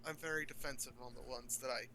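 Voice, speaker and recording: A man's voice: mid-range voice, fairly even intonation, fast, pushed and bright, low-quality recording. A man co-hosting a podcast in casual chat, talking bluntly and swearing freely. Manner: blunt and profane.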